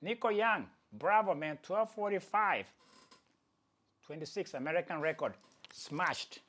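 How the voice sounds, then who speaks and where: A man's voice: on the high side, lively intonation, measured pace, fairly bright tone. A man hosting his own channel, giving casual, playful commentary with chatty asides to viewers and jokes at his own expense. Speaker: athletics commentator and channel host.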